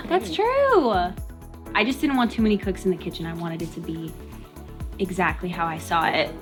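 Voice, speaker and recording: A woman's voice: on the low side, animated, a little fast, music in the background. A young woman in her twenties, a brand founder, talking casually and openly emotional in a personal vlog.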